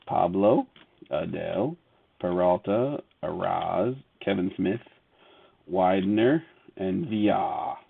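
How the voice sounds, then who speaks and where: Slow, gravelly man on tinny audio. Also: low-pitched. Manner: reads player names off cards in a running list; laughs often, chats with viewers between cards. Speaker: card break host. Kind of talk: casual live card break.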